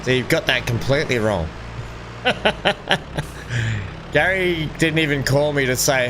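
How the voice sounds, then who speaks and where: Middle-aged guy streaming a farm game, chatty and rambly, mid pitch, bit of faint hiss behind him. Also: animated, slow, pauses often. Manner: chatty, rambling, laughs at own jokes. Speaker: gameplay streamer. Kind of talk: casual gameplay commentary.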